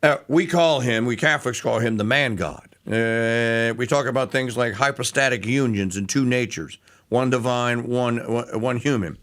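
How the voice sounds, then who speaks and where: A man's voice: mid-range voice, moderate pace, a bit bright. A man hosting a talk radio show, delivering a sarcastic, rambling monologue full of restarts and fillers.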